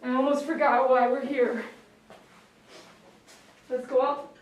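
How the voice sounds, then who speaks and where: A woman dog groomer on a live stream, speaking softly and tenderly to a dog while tearful. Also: high voice, flat delivery, takes it slowly. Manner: soft-spoken, tender talk to a dog. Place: grooming shop. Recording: very echoey room, mic far off, faint noise.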